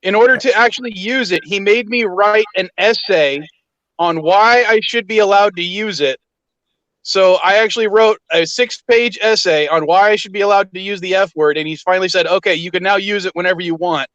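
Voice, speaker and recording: A man's voice: high-pitched, moderate pace, a bit bright, no echo, lo-fi sound. A man in casual chat telling anecdotes in a dry way.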